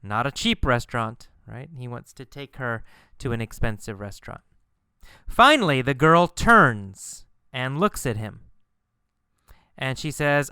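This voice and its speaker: A man's voice: medium pitch, big pitch swings, a little slow, bright, forceful tone, clear, resonant tone, dry recording, clean studio sound. A man teaching an English lesson, explaining a story phrase by phrase, repeating words and raising his voice when quoting the characters. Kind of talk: slow explanatory ESL lesson.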